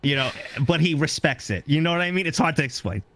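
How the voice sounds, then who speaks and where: A man's voice: a little high, expressive, fast, a bit bright, slight background noise. A young man who is a guest on an interview stream, telling stories in a rambling, casual way. He repeats himself often and restarts his sentences as he goes along.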